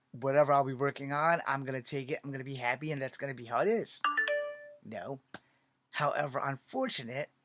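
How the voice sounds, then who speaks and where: A man from Virginia telling a long personal story in a casual monologue, swearing often and acting out other people's lines. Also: mid-range voice. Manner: profane, animated, acts out quoted dialogue. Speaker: aspiring filmmaker telling his story.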